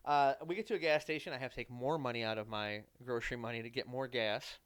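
Smooth-voiced man telling a profane story. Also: mid-range voice, steady tone, quick pace, fairly bright tone, no echo. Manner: profane, rambling storyteller with self-deprecating asides. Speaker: podcast host. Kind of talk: casual anecdotal storytelling.

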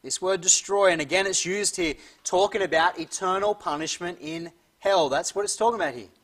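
A man preaching a sermon who reads scripture slowly and emphatically and often clears his throat. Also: high voice, a bit bright. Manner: slow, emphatic reading of scripture.

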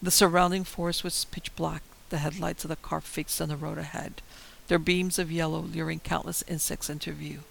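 A man's voice: on the high side, flat delivery, normal speed, vocal fry, a bit bright, rough recording. A man telling a first-person horror story in a dramatic, tense manner. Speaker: narrator.

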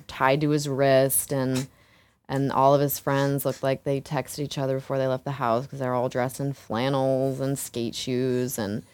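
A woman's voice: extremely low pitch, darkish tone, clear, resonant tone. A woman who works as an exotic dancer, telling a story frankly and casually, swearing, laughing often and filling with "like" and "you know". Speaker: exotic dancer, interview guest.

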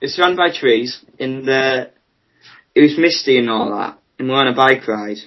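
A man's voice: mid-range voice, moderate pace, lo-fi sound. Rambling teen boy storyteller. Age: teenager, about fifteen. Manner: rambling, storytelling, laughs at himself. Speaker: podcast co-host telling stories. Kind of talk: casual chat among friends.

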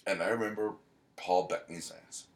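A man with a lowish voice talks in a loose, casual podcast chat. He rambles, cracks jokes and drifts off on quick tangents while explaining a show to his co-host. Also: fairly even intonation, echoey room.

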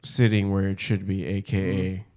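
A man's voice: monotone, moderate pace, mellow. A young man chatting casually as a podcast co-host, joking and often slipping into put-on voices. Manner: joking, swings into put-on posh or squeaky voices. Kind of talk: casual chat.

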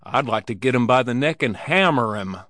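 A man doing a rough cowboy, blunt, grumbling, mid-pitched voice, dry sound. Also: animated, normal speed, no echo, lightly acted. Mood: furious. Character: rough-talking angry Western cowboy.

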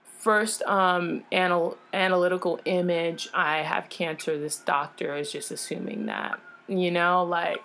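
A woman with a somewhat low voice tells a personal story as an interview guest, speaking frankly and with feeling. She talks casually, with plenty of fillers and self-corrections, and her delivery turns animated as she recounts what happened. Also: a little slow, a little hiss or hum. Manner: animated, acts out others' lines in changed voices; frank, emotional retelling with frequent fillers.

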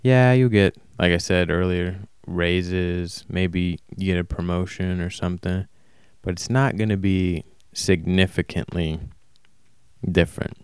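A man talking alone in a casual, rambling monologue, flat and self-described as monotone, often stopping to correct himself. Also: sits low, measured pace, clean tone, no room sound, studio quality. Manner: casual, swears. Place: warm indoor room.

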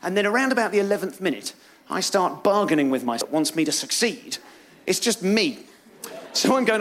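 A British man doing a live stand-up set on a club stage, self-mocking and lively, acting out voices as he talks. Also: high voice, a little fast, background noise. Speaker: stand-up comedian.

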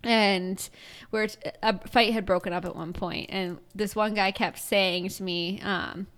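A woman's voice: medium pitch, fairly even intonation, a little slow, a bit bright, clear, resonant tone. A woman co-hosting a podcast, telling stories in casual chat and laughing often. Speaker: podcast co-host.

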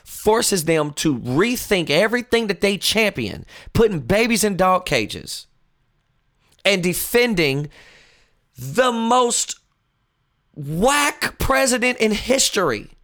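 Male talk host, high-pitched, mocking and animated political commentary. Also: slow pace. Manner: animated, mocking, swings from loud outbursts to low earnest tones.

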